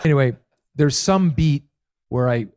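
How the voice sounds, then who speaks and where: A man's voice: mid-range voice, expressive, measured pace, darkish tone, some chatter behind, slight background noise. A man casually telling funny anecdotes as a guest, animatedly acting out the quotes.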